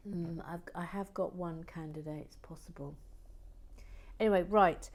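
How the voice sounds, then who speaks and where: Building with bricks on her vlog, this host chats casually, muttering and frequently dropping into whispers on the side. She has a fairly low-pitched voice with a steady tone at normal speed.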